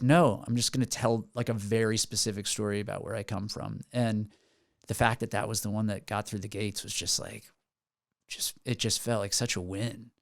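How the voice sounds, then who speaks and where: A man's voice: mid-range voice, dry recording, clean studio sound. Earnest, rambling man on a podcast. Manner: rambling, earnest storytelling with many restarts. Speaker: musician guest. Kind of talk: casual podcast interview. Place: podcast studio.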